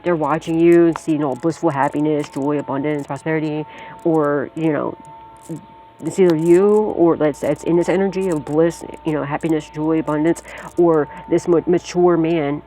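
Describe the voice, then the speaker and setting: A woman's voice: low voice, steady tone, normal speed, mellow, slight background noise. A woman giving a casual tarot reading to her viewers, blunt and repetitive, swearing freely and laughing often. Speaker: psychic tarot reader.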